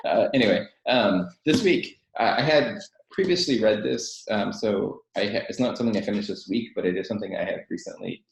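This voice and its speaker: Deep gravelly guy rambling about a book, lots of ums, echoey office sound. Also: a little fast, few pauses. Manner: rambling, many fillers and self-corrections. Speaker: podcast co-host and teacher. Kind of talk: casual chat about books. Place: his office, echoing room.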